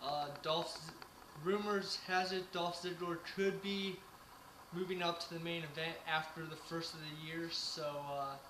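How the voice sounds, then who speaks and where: A man's voice: fairly high pitch, flat delivery, a little slow. A man co-hosting a casual wrestling chat, giving his picks hesitantly with many fillers. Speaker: co-host. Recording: echoey room with noise.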